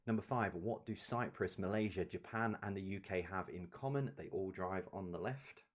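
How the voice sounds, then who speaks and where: Low-voiced man reading quiz answers. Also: moderate pace. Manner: reads questions then answers, with offhand chatty asides. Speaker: quiz host. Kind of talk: live-streamed pub quiz answer reading.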